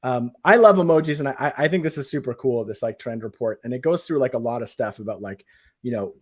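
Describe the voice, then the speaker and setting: A male podcast host with a mid-pitched voice talks casually, full of little fillers and restarts. He wraps up the episode in a relaxed chat tone. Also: quick pace. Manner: chatty, many fillers.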